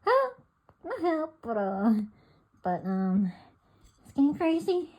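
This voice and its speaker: A woman's voice: sits high, huge pitch swings, slow, darkish tone. A woman vlogging with her pet bird, giggling and coaxing it in playful baby talk. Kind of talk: casual vlog chatter to her pet and viewers.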